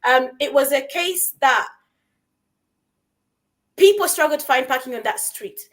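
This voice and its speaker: A woman co-hosting a conversation, telling a story in an animated way and asking rhetorical questions. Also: high-pitched, measured pace. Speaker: co-host.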